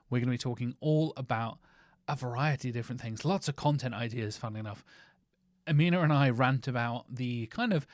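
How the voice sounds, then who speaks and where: A British man hosting a podcast, talking in a chatty, enthusiastic way with plenty of rambling asides. His voice sits at an average pitch. The sound is dry and close, with no room echo. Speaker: podcast host. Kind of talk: casual podcast outro.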